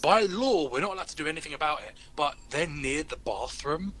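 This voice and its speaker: Joking british guy chatting at a game table, pretty bright tone, light background noise. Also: on the high side, a little fast. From Britain. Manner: animated storyteller, jokey. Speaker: player. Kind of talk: casual chat at a tabletop game.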